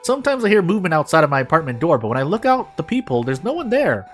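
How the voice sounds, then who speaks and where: A lonely, anxious young office woman pours her days into a diary, as a man reads her lines aloud. Her voice sits high and leaps around with emphasis, cheerful one moment and fretful the next. Faint game music plays underneath. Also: sing-song, rapid-fire. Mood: excited, uneasy.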